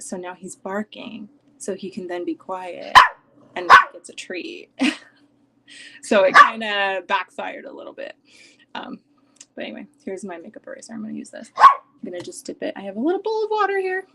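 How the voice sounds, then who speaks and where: A young woman chatting on a casual live stream from home, rambling with lots of "like" and sometimes dropping to a soft near-whisper. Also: medium pitch, heavy background noise. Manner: chatty and rambling, heavy use of "like". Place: home, at her desk with her dog nearby.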